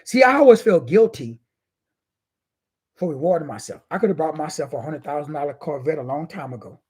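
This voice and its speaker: Male motivational host, fairly high husky voice, preachy and emphatic. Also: animated. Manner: preachy, drawn-out emphatic phrasing with big swings in pitch and loudness; casual informal speech with slang. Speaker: motivational speaker hosting a live stream. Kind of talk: motivational live talk.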